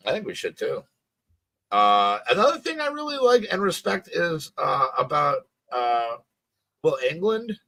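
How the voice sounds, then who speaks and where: An American man talking casually with friends, his voice bright and forward. He swoops up and down a lot as he jokes around, filling gaps with "uh" and quick restarts. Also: fairly high pitch. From United States. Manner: excitable, playful, lots of fillers. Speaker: podcast co-host. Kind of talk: casual chat.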